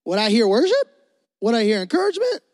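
A young man preaching a sermon to a youth congregation, animated and emphatic, repeating phrases for stress. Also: very high voice, quick pace, no room sound. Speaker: youth pastor.

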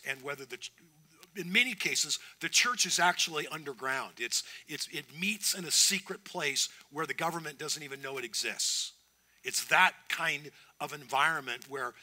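A man's voice: on the high side, bright, forceful tone. A man preaching a sermon as pastor, earnest and emphatic, often restarting his phrases.

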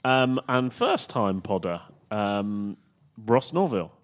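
A man's voice: lowish voice, sing-song, takes it slowly. A man hosting a casual football fan podcast, chatty and full of ums as he runs through plugs and questions. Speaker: podcast host.

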